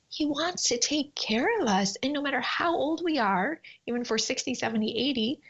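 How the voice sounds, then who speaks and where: A woman guest telling animated stories on a faith podcast, often acting out her prayers in a higher voice. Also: vocal fry, husky, muffled recording. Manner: animated storyteller, acts out prayers in a high voice. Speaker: guest, time management coach.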